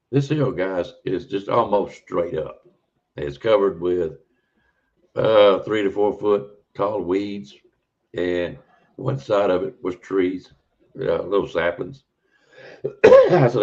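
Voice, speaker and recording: A man's voice: sits low, normal speed, darkish tone. A man, a podcast guest telling a rambling, folksy encounter story in a casual way. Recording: dull lo-fi audio.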